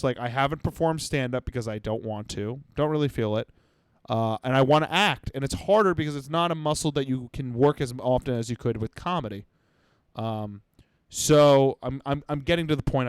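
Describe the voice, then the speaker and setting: A young man hosting a comedy podcast, ranting in an exasperated, profane way that swings from mumbling asides to shouting. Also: mid-range voice, smooth, no room sound. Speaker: podcast host. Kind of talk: comedic rant.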